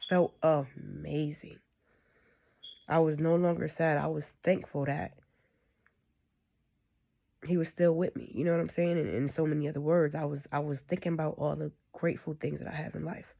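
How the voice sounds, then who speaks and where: Woman with a gravelly voice. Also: deep voice, steady tone, normal speed, pauses often, warm tone. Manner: rambling, conversational, keeps asking "you know what I'm saying". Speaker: spiritual speaker. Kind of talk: casual spiritual monologue.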